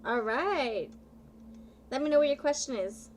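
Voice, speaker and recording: A woman chats with her viewers while reading tarot on a live stream, excitable and playful, stretching her words out. Her voice sits high and she takes her time. A clear bed of background noise runs under her voice. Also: measured pace. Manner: bubbly, playful, excitable, often laughing and drawing words out.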